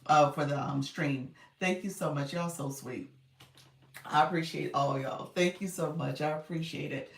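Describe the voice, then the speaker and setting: A woman's voice: sits low, normal speed, creaky. A woman hosting a casual livestream, chatting with viewers and thanking them, laughing often and calling them y'all. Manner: giggly, often breaking into laughter. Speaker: livestream host and coach. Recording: roomy and distant from mic.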